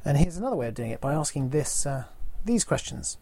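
A man, preaching a sermon in a measured way and posing rhetorical questions to the listeners. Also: a little high, sing-song, warm tone. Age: 40s.

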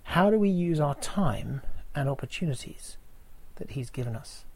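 A man, preaching a sermon in a measured way and posing rhetorical questions to the listeners. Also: fairly high pitch, animated, gravelly, darkish tone. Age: 40s.

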